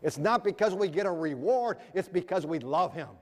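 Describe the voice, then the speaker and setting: High-voiced man preaching in an echoey hall. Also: animated, moderate pace. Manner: earnest, rhetorical questions to the audience. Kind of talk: sermon.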